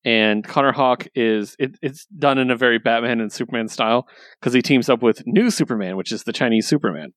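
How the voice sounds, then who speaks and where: A man's voice: mid-range voice, a little fast, no room sound. Chatty enthusiastic man, dry sound. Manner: enthusiastic, lots of fillers. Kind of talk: casual chat.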